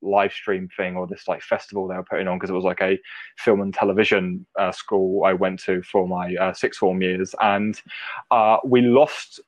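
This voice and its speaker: A young man in his twenties telling stories in an animated way, full of restarts and laughter. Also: sits low, no room sound. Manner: animated storyteller, halting restarts. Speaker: podcast co-host. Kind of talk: casual chat.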